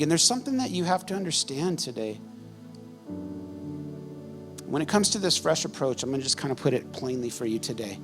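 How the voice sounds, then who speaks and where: A male pastor delivers a sermon in a loose, conversational storytelling manner, often breaking into laughter. His voice sits slightly high for a man. Quiet music runs softly beneath his words. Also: big pitch swings, fairly quick, pauses often.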